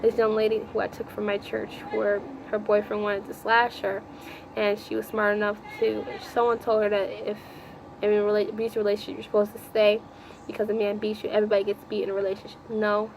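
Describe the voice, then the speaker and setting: A woman's voice: mid-range voice, completely flat delivery, quick pace, creaky, background noise. A woman vlogger telling a personal story in a casual, rambling way, often repeating herself and talking aloud to the Lord.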